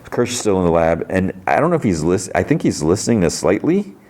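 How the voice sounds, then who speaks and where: A man's voice: low voice, big pitch swings, fast, darkish tone. A man hosting a podcast, casually retelling a TV episode and quoting the characters' lines. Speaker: podcast host.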